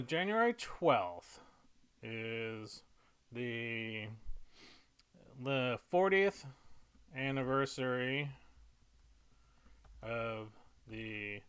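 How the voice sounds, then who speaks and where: Slow, clear-voiced man muttering jokes. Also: mid-range voice, fairly bright tone. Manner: slow, halting, muttering to himself with fillers; playful, slipping into silly voices for jokes. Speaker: comedy writer. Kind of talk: thinking aloud while writing.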